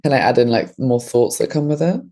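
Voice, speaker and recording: A woman's voice: extremely low pitch, brisk, warm tone. A woman co-hosting a podcast who openly shares her feelings during a live exercise, vulnerable and frank. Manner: open and vulnerable, laughs self-consciously. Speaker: podcast co-host taking part in a live demo. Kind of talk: candid emotional sharing.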